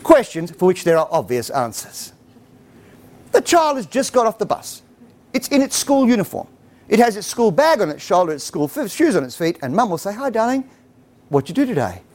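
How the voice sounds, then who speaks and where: At an ordinary pace and with a high voice, a middle-aged man addresses parents in a comic talk about raising kids. He brings his anecdotes to life, voicing the dialogue himself.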